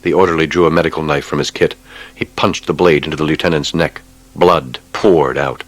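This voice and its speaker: A man narrating a war novel audiobook in a measured, grave way. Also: very deep voice, steady tone.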